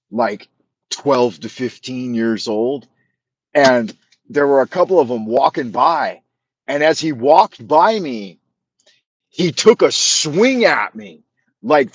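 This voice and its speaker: A man's voice: medium pitch, highs cut off. A middle-aged man hosting a livestream, telling stories in a loose, rambling way, with lots of fillers, restarts and swearing. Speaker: livestream host. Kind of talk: casual rambling storytelling.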